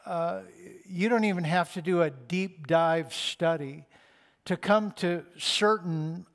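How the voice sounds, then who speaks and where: A man preaching a sermon, reading scripture and then expounding it with slow, deliberate emphasis. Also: high-pitched. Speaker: pastor.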